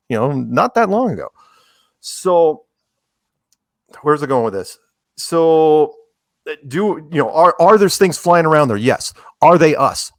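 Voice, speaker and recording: A man appears as a podcast guest, chatting loosely in a lively, joking manner, tossing in quick asides and often restarting his sentences. His voice is mid-range, and the studio-quality recording has no room sound.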